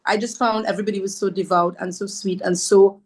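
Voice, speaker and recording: A Trinidadian woman with a slightly rough, mid-range voice speaks fairly quickly and in a steady tone. On a podcast, she tells a heartfelt story from her life with earnest devotion, repeating phrases for emphasis and speaking warmly of her faith.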